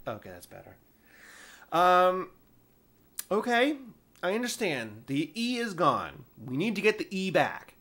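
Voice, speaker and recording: A man casually telling a tech support story from his past, animated and exasperated, poking fun at himself. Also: high voice, a little slow, long pauses. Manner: animated, exasperated, self-mocking. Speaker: storyteller, former IT support worker.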